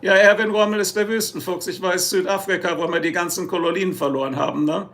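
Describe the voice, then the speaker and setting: A man's voice: high-pitched, fairly even intonation, fast, a bit bright. A German man with a German accent, hosting a casual live stream, joking and rambling as he answers chat. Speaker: livestream host.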